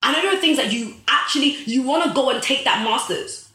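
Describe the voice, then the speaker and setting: A woman's voice: high voice, expressive, a little fast, sharp tone. Emphatic motivational woman, echoey room. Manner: preachy, emphatic, repeats phrases for effect; addresses viewers directly as guys. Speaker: host of a live stream. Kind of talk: motivational live-stream talk.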